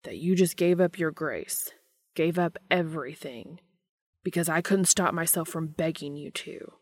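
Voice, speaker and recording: Woman voicing an emotional man, hushed and strained, lower-pitched read, story reading. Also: a little slow. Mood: quiet intense. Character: troubled intense man, emotional, confessing.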